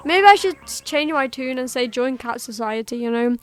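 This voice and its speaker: A woman streamer chatting casually between lines of game dialogue, giggly and offhand. Her voice is very high. Faint game music plays in the background. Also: animated, normal speed, few pauses. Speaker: gaming streamer. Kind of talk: casual let's-play commentary.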